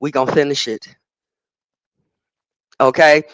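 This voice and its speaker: A man's voice: on the high side, fairly even intonation, a little slow, fairly bright tone, no echo, low-quality recording. An American man co-hosting a live stream, explaining his ideas at length in a lecturing way. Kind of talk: casual live-stream chat.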